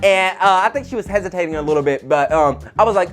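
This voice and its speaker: A young man hosts his own talk show, spilling gossip in a chatty, rambling way packed with fillers. His voice sits at a middling pitch. Soft music plays faintly underneath. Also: expressive, brisk. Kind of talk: casual gossip storytelling.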